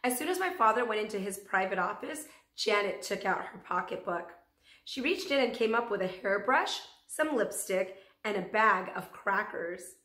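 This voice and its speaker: A woman teacher reading a children's chapter book aloud, signing off gently to her class at the end. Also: mid-range voice, lively intonation, moderate pace. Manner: gentle, warm sign-off. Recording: echoey room.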